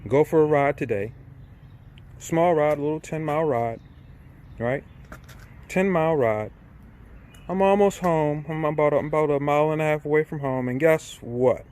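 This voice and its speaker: A middle-aged vlogger with a fairly high, darkish voice delivers a casual, irate ranting monologue at normal speed with long pauses. He repeats himself, swears, and keeps asking "right?".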